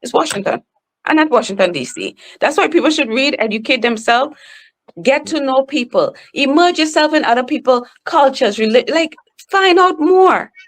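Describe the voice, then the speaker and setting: A woman with a Trinidadian accent, a guest on a podcast, talking slowly and emphatically in a casual interview. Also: sits high. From Trinidad and Tobago. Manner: animated, emphatic, talks slowly. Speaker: podcast guest, professional speaker.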